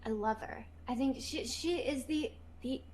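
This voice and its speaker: Rambling young woman, fairly high voice. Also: unhurried, a little mellow. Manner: rambling, gushing, puts on a pleading baby voice at times. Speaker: stream guest. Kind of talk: casual stream chat.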